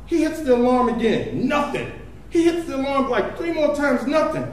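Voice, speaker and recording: High-pitched guy doing stand-up, swearing and laughing thru a story, big echoey room heard from far off. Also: normal speed, slight background noise. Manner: animated, profane, laughing often. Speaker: comedian. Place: live venue stage.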